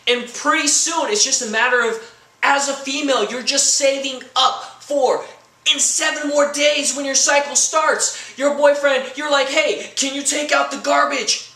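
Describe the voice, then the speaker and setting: High-voiced ranting young man. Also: fairly even intonation, a little slow, echoey room, low-quality recording. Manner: ranting, acts out quoted girlfriend lines, bursts into shouting. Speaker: comedy vlogger. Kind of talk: comedic rant to camera.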